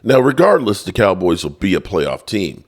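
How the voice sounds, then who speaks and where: A man's voice: deep voice, big pitch swings, normal speed, slightly rough. A man hosting a sports podcast, chatty and opinionated, talking straight to his viewers in casual commentary.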